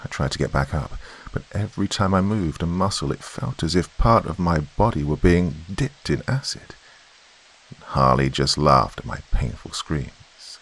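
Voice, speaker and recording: A man reading a horror story as a podcast narrator in a slow, brooding way. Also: extremely low pitch, lively intonation, fairly bright tone, husky.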